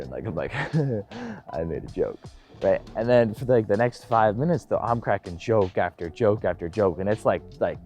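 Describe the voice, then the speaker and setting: A young man in missionary training giving a casual vlog update, telling stories in an animated, self-deprecating way and acting out what people said. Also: on the low side. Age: young adult. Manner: animated storyteller, self-deprecating, acts out quotes.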